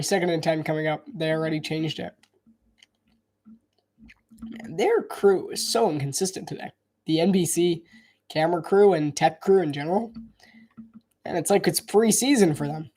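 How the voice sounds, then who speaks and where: He's a live commentator calling a football game in an easygoing, chatty way, frequently restarting as he hedges and thinks aloud. His warm, fairly high voice moves at normal speed with long pauses.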